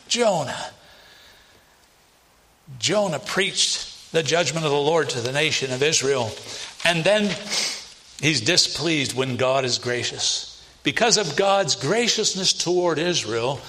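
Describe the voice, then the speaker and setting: A male preacher delivers a sermon with emphasis and a bright, forceful edge to his voice. His pitch sits somewhat high for a man, and he leans on rhetorical questions to carry his listeners along.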